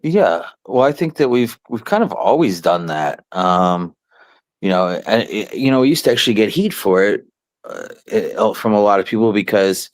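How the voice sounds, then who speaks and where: A man talking casually on a podcast, relaxed and halting, with many fillers and restarts. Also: on the low side, no room sound. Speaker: wrestling promoter, show regular.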